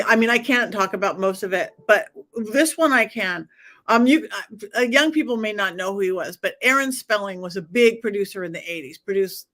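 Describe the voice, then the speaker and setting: A woman's voice: mid-range voice, animated, normal speed, a bit bright. A middle-aged woman, a psychic medium guest, telling stories in a casual interview, acting out dialogue and laughing often.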